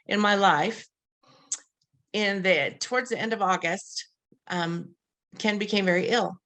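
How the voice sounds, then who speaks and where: A woman's voice: fairly low pitch, a bit bright. A middle-aged woman from the western United States hosting a webinar, telling a personal story in an earnest, heartfelt way with many restarts. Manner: earnest, heartfelt, with frequent restarts and quoted dialogue. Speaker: webinar host.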